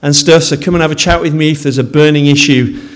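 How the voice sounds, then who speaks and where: A man's voice: on the high side, steady tone, fast talker. A man with a Yorkshire accent, a pastor speaking to a congregation in a sermon, friendly and self-deprecating with some hesitations.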